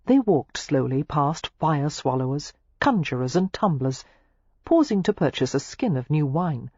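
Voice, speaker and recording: A woman narrating a romance novel audiobook in an expressive, measured way. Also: sits low, husky, no echo. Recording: dry, slightly muffled lo-fi recording.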